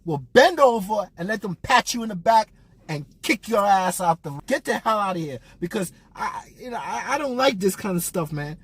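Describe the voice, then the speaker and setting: A man's voice: sits high, animated, normal speed, a bit bright, breathy edge, no echo. A man giving a blunt, profane, mocking rant as a boxing commentator.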